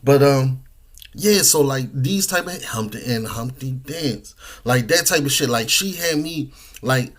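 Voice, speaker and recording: A man's voice: mid-range voice, expressive, unhurried, a bit bright. A man, talking casually and profanely with lots of slang, eating while he talks. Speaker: podcast host. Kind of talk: casual monologue.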